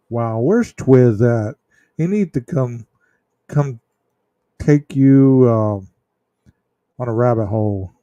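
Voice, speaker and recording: A man's voice: mid-range voice, warm tone, no room sound. A man hosting a true-crime livestream, chatting casually with viewers in chat, rambling with fillers and restarts.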